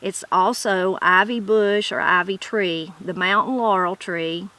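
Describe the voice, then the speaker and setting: A woman's voice: mid-range voice, fairly even intonation, a little slow, sharp tone, poor audio. Chatty Appalachian woman, folksy. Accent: Southern Appalachian. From southern Appalachia, US. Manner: chatty, folksy, self-correcting while reading aloud. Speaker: channel host. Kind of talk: casual talk and reading from a dictionary.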